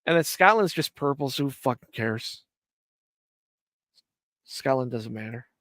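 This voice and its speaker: A man's voice: medium pitch, expressive, unhurried, fairly bright tone, no echo, studio quality. A man from Ireland hosting a live stream, chatting casually in rambling, profane, jokey rants. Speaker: stream host.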